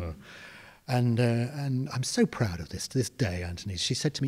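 A middle-aged man from England, a conductor telling lively stories in a casual chat and acting out the people he quotes. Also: medium pitch, fairly quick, breathy edge, big-room sound. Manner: animated storyteller, acts out quoted people. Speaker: guest conductor. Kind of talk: casual storytelling in conversation.

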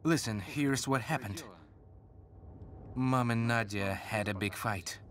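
A slow-spoken torn young husband. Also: male voice, medium pitch, a bit bright, slight background noise. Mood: worried. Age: young adult. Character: young husband, caught between wife and mother. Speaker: husband and son. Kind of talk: dubbed TV drama acting.

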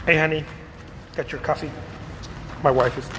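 A male artist giving an animated, emphatic motivational talk. He often repeats himself as he talks. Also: a little high, normal speed, background noise.

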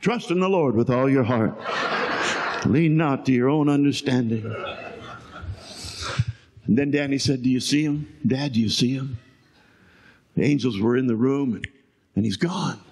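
An older man preaching a sermon, moving between shouted lines and quiet storytelling. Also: mid-range voice, a little slow, pauses often, husky. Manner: swings from shouting to hushed storytelling. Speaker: pastor.

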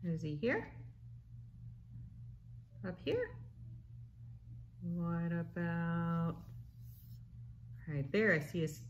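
A woman, a children's librarian, leading a slow, playful storytime for babies and toddlers and asking the little ones questions. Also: fairly low pitch, highs cut off, a little hiss or hum. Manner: sing-song, slow, playful, asks little listeners questions.

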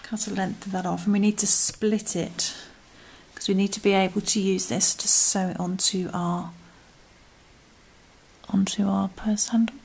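A British woman hosts a crochet tutorial in a husky, medium-pitched voice, her delivery flat and her pace moderate. She chats casually through each step, often trailing off into murmurs and whispers as she works.

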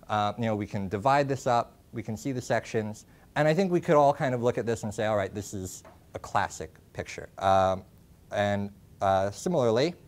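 Young man lecturing with many ums. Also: fairly low pitch. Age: young adult. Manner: halting, many ums and restarts. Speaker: workshop presenter. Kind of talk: classroom lecture. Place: classroom. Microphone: lapel mic.

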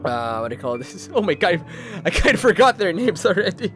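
A man's voice: sits high, very animated, a little fast, fairly bright tone, soft background music. A man from the Philippines reads a game's narration aloud as a let's play gamer, dramatic, with his own asides in between. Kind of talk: reading game narration aloud with commentary.

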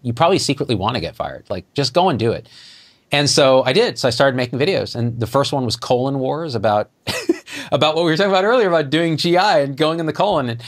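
A middle-aged man, a physician guest, telling a story in conversation and acting out the dialogue with lively jumps in his voice. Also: quick pace. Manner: animated, acts out quoted dialogue with jumps in pitch.

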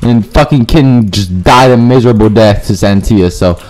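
A man giving profane live commentary over his own gameplay, muttering low and then yelping up high when things go wrong. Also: normal speed, over music. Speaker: gaming YouTuber.

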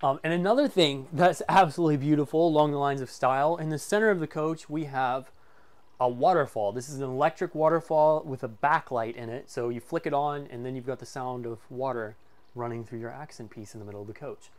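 A man's voice: medium pitch, a little fast. A man casually presenting a walkthrough of a motorhome for sale, enthusiastic and full of fillers like "um" and "like". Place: inside a motorhome.

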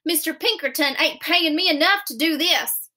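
A woman's voice: high-pitched, normal speed, pushed and bright. A woman voicing a weary adult male policeman, with a tired, fed-up, complaining way of talking.

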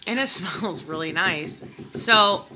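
A woman with a voice on the low side speaks slowly in a casual vlog, enthusiastically reviewing candles and chatting away to her audience, whom she calls "you guys." There's noise in the background.

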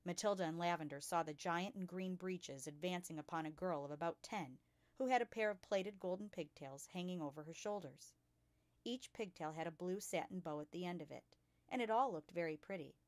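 A woman reading a children's novel aloud with lively expression as a storytime host. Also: on the low side, a little fast, dry recording. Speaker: storytime reader.

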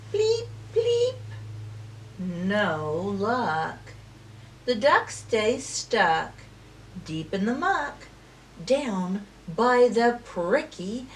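Slow sing-song preschool teacher. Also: female voice, medium pitch, recorded from a distance, a little hiss or hum. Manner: slow, sing-song and expressive, with big swings between whispers and calls. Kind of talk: circle-time storytelling.

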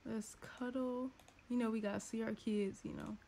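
A woman's voice: steady tone, normal speed, dark tone, slight background noise. A woman gives playful, chatty let's-play commentary from a home setup, now and then voicing her characters' thoughts. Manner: chatty, playful, voices the sims' thoughts in a squeaky tone. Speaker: gaming YouTuber.

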